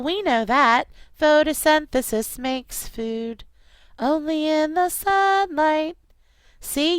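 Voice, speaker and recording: Brief: middle-aged female teacher, upbeat kids' lesson, clear dry voice. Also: on the high side, dry recording. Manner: lively call-and-response chanting. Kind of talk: recorded classroom lesson for kids.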